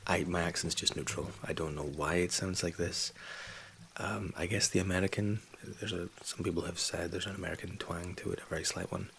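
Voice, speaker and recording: A man in his thirties, born in England and raised in Scotland, hosting a soft-spoken ASMR Q&A from a home setup on a condenser mic. He talks in a soft, low-key way and often drops into whispers. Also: steady tone, fairly quick, gravelly, a little hiss or hum. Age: 30s. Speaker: ASMR channel host. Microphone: USB condenser mic.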